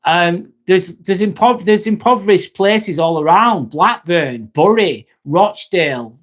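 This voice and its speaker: This man in his 40s, a nurse who hosts a livestream, chats bluntly and casually with viewers, peppering his talk with "um" and "mate." His voice sits high, with lively intonation and a measured pace.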